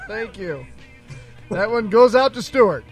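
High-voiced man, distant mic. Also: lively intonation, takes it slowly, faint music behind. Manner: dry, teasing. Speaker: podcast co-host. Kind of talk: casual chat.

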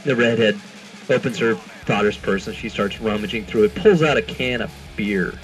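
A man's voice: lowish voice, normal speed, soft background music, low-quality recording. A man co-hosting a podcast, trading dry wisecracks and telling a dirty joke. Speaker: podcast co-host. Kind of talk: casual crude banter.

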